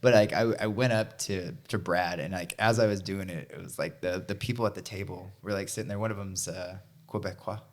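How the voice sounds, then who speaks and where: A young man co-hosting a casual fitness podcast, an animated storyteller who swears and mimics others. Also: low voice, fairly quick, few pauses. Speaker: podcast co-host and coach. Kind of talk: casual chat.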